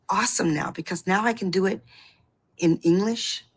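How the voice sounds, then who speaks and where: A woman telling her own story as a beauty consultant in an animated, personal testimonial, breaking into excited outbursts. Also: medium pitch, a little slow, breathy edge. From Boston area.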